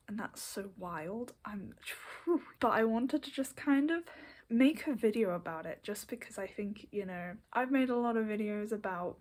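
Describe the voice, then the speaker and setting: A woman's voice: medium pitch, moderate pace. A young woman vlogging to camera in a rambling, self-deprecating way, laughing often and half-whispering at times. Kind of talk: casual to-camera chat.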